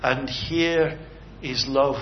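Very slowly and with fairly even intonation, a medium-pitched male preacher delivers an earnest sermon that ends in prayer. He lifts and lowers his voice for emphasis and questions his listeners, while the slightly dull recording carries a faint hiss.

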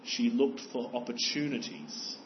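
A man's voice: medium pitch, expressive, a little slow, muffled recording, slight background noise. A man preaching a sermon as pastor, earnest and exhorting, pressing his listeners with rhetorical questions.

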